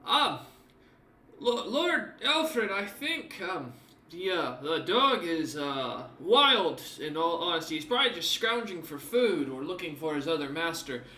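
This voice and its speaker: A man's voice: on the high side, big pitch swings, unhurried, pushed and bright, pitched above the performer's own voice, full character voice. A man voicing a nervous young male town guard who stammers and hesitates. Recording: roomy, distant mic.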